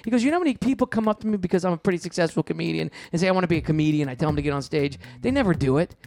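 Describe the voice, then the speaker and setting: A middle-aged man telling stories in a casual interview, animated and quick, acting out quoted lines in a raised voice. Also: fairly high pitch, creaky. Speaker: comedian and show producer, guest. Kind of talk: casual storytelling in a podcast interview.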